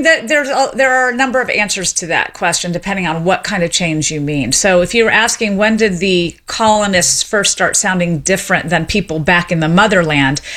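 A middle-aged woman from Tennessee, a sociolinguist being interviewed, explaining her field in an articulate, lively way. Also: medium pitch. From Memphis, Tennessee. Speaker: sociolinguist guest. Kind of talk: radio interview.

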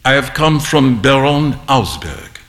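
A polite, formal old gentleman with a slight French accent , as a male reader puts him on. His voice sits a little lower and speaks with measured courtesy. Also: expressive. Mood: courteous.

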